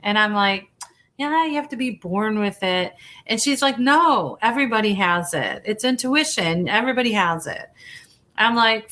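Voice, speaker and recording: A woman hypnotherapist talks through her story in a relaxed interview. Her voice is bright and a touch sharp, sitting at an ordinary middle pitch. She talks chattily, restarts her sentences and acts out the back-and-forth she quotes.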